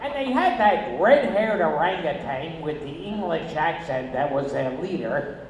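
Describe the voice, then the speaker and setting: A man performing a stand-up comedy set on a casino stage, with shrill, abrupt outbursts and deadpan asides. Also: a little slow. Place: casino stage, live audience. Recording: echoey, noisy audience bootleg.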